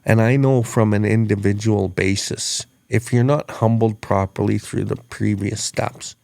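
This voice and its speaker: Guy hosting a podcast, mellow warm tone, earnest, keeps restarting words. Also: on the low side, steady tone, a little slow, vocal fry, no room sound. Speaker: podcast host. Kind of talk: reflective storytelling chat.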